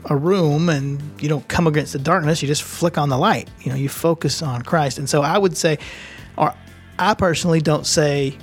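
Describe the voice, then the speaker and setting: A man's voice: a little high, moderate pace, hardly any pauses, faint music behind. Hesitant man co-hosting a faith talk. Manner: hesitant, searching for words, many restarts. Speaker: podcast co-host. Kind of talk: casual faith discussion.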